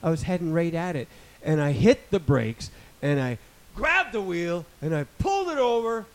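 A man in his fifties preaching a sermon, rambling with joking asides and building to loud, emphatic passages. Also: fairly high pitch, sing-song, moderate pace, rough recording. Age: 50s.

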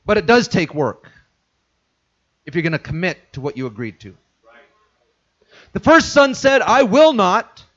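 A man preaching a sermon as a pastor, who acts out the inner voices of his listeners and drops to a hush for them. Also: on the high side, big pitch swings, a little slow, long pauses, lo-fi sound.

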